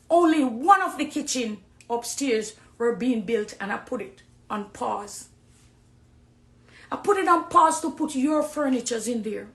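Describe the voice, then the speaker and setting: A woman's voice: sits high, moderate pace. Impassioned Jamaican woman, echoey room. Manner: pleading, swings from hushed to loud and emphatic. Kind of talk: impassioned testimony.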